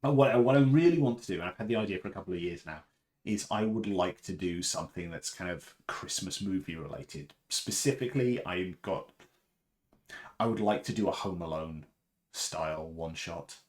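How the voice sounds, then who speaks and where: A man's voice: deep voice, normal speed, a little mellow. A man hosting a casual livestream chat, rambling and chatty with fillers and laughs. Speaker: livestream host.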